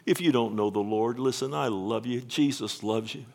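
A man in his fifties preaching a sermon, rambling with restarts, then building to loud, emotional proclamation and pleading. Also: mid-range voice, normal speed, vocal fry. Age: 50s. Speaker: pastor. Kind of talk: sermon with altar call.

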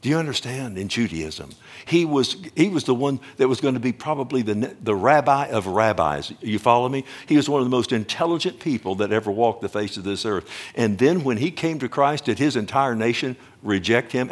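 A man preaching a sermon emphatically, often slowing down to stress words and calling out to his listeners directly. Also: mid-range voice, animated. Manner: emphatic, swings between loud and hushed, addresses the congregation directly. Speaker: pastor.

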